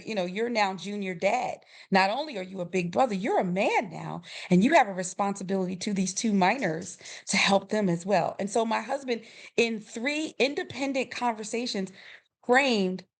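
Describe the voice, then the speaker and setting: Middle-aged woman, podcast guest, animated storytelling, voices quoted people, frequent laughter. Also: medium pitch. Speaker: podcast guest, grief coach. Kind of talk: storytelling in a conversational interview.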